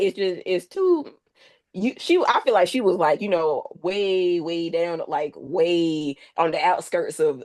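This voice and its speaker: A woman's voice: low voice, darkish tone. A woman co-hosting a casual TV recap podcast, rambling and searching for words as she spins a theory. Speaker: podcast co-host.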